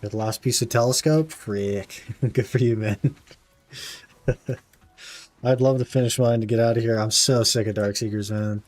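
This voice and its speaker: A man's voice: mid-range voice, fairly even intonation, normal speed, long pauses. A young man streaming a game, chatting casually and laid-back with his viewers, often calling them "man". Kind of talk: casual live-stream chat while gaming.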